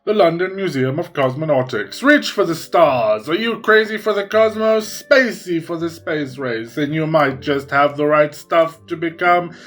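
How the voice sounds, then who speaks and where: A man voicing a peppy ad announcer pitching museum jobs in an upbeat sales style. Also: unhurried, few pauses, fairly bright tone, faint music behind.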